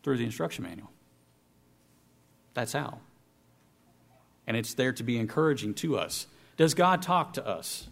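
A man preaching a sermon, reading scripture with raised, emphatic lines and then sinking into quiet, low remarks. His voice sits at an average pitch, and he slows down to stress key phrases. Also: animated, creaky.

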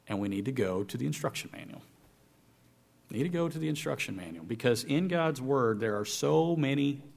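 A man preaching a sermon, reading scripture aloud with emphasis and dropping to quiet, low asides to explain it.

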